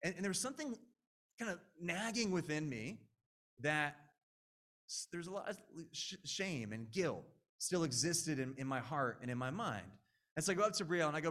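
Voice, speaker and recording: A young man in his late twenties preaches with an earnest, conversational manner. His voice sits a little high for a man, and he keeps turning to the congregation with quick asides. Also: lively intonation, a bit bright. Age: 20s. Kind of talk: sermon.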